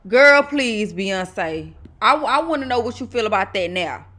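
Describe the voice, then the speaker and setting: A woman's voice: medium pitch, lively intonation, a little slow, sharp tone. A woman from Texas with a Southern accent, talking casually and emphatically to her viewers as she reacts to clips. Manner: sassy, emphatic, addresses viewers as y'all. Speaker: reaction video host.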